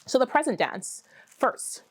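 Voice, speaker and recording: A woman vlogging about her spinning project in a casual, excitable way, full of fillers and little squeals of delight. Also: high-pitched, unhurried, slight background noise. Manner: excitable, gushing, apologizes for screaming; chatty with many fillers. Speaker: fiber arts vlogger. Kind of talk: casual chat to camera.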